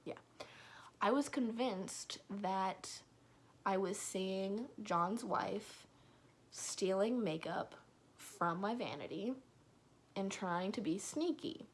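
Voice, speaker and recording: A young woman telling a personal story in a casual, rambling vlog, now and then dropping to a whisper. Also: mid-range voice. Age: young adult. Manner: slow, rambling, drops into whispers and laughs.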